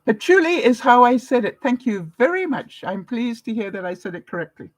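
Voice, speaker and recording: A woman's voice: on the high side, big pitch swings, a little fast, dry recording, low-quality recording. An older woman from Canada chatting casually with viewers, retelling conversations and laughing often. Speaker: vlogger. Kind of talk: casual livestream chat.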